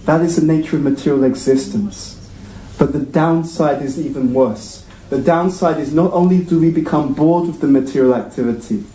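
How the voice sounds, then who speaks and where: A man's voice: a little high, warm tone, a little hiss or hum. Chatty man preaching in an echoey temple hall. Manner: engaging, asks the audience frequent questions. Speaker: temple class speaker. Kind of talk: conversational sermon.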